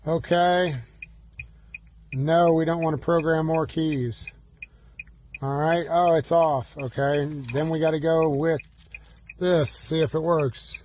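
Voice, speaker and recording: A slightly higher-voiced man walks through programming car keys from the driver's seat, narrating every button press. He breaks into playful, fretful exclamations as if panicking. A faint hiss of noise sits under the recording. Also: fairly even intonation, takes it slowly, long pauses, a little mellow. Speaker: automotive locksmith demonstrating key programming. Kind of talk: hands-on demonstration with mock panic. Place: inside a car.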